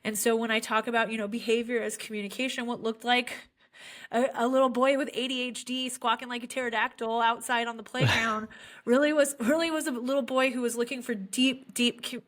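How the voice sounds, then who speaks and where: Talking a little fast, this young woman has a high, fairly bright voice with fairly even intonation. She's a special education teacher telling heartfelt stories in an earnest podcast conversation, with lots of fillers.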